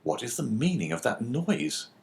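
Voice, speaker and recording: A cool, composed stranger asks careful questions in a measured, quiet way, as a male audiobook reader puts him on. He is restrained and polite, never raising his voice. A classic storybook reading. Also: mid-range voice, big pitch swings, creaky, pitched above the performer's own voice. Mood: probing. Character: calm, composed English stranger, middle-aged man.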